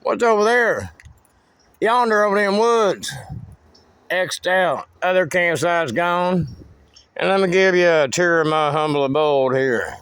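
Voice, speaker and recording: A man's voice: high voice, unhurried, a bit bright, clear, resonant tone, dry recording. A man giving a rambling, cryptic walking tour of his wooded land outdoors, swearing freely. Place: outdoors in woods.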